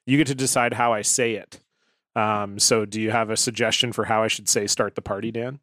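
A man's voice: on the low side, steady tone, fairly quick, a bit bright, no echo, studio quality. A man co-hosting a podcast, chatting loosely with laughs and swearing. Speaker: podcast co-host. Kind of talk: casual podcast banter.

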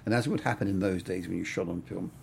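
A man's voice: sits low, fast, gravelly, darkish tone, a little hiss or hum. An older man, a cinematographer, telling stories in a casual interview, rambling with plenty of "I mean" and "you know".

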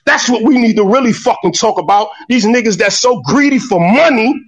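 In an online voice room, a man with a high voice launches into a fiery, impassioned rant over a phone line. He talks a little fast with a slightly rough, expressive delivery, swearing and repeating words as he gets worked up. The audio sounds distant and keeps breaking up.

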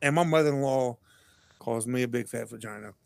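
A man, a podcast guest telling stories in casual chat, animated and laughing, acting out what people said. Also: medium pitch, a little fast, vocal fry, clear, resonant tone, no echo. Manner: animated, laughing storyteller who acts out quotes.

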